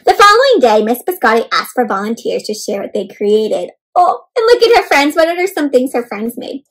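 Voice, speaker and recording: A woman doing an interactive read-aloud of a picture book for children, animated, with gasps and questions to the listeners. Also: fairly high pitch, moderate pace, breathy edge, poor audio. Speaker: children's storyteller.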